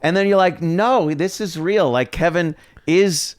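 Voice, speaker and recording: A man's voice: high voice, unhurried, dry recording. A middle-aged man, a radio host guesting on a podcast, talking bluntly and profanely with frequent laughs. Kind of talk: casual chat.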